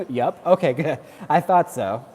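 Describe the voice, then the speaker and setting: A man's voice: a little high, expressive, unhurried, warm tone, husky. A man, from Wisconsin, chatting and joking casually on a livestream while doing cardio. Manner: chatty, joking, laughs often. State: working out on cardio. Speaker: livestream host. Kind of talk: casual chat while exercising.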